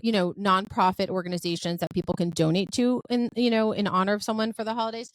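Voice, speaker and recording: Talking quickly in a mid-range voice, a podcast host gushes through a casual chat packed with fillers. She brings her stories to life by performing the quoted lines, with no room sound in the recording.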